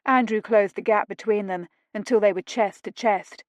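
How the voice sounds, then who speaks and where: A woman reading a romance audiobook in steady, measured scripted narration on a close mic. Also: mid-range voice, dry recording.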